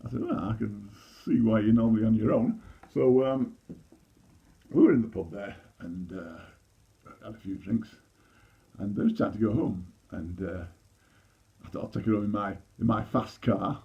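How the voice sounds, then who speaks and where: A man's voice: on the low side, lively intonation, moderate pace, vocal fry, long pauses, highs cut off. A man in his sixties with a Yorkshire accent, doing a chatty, self-deprecating stand-up comedy monologue full of restarts. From Leeds, England. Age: 60s. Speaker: amateur comedian.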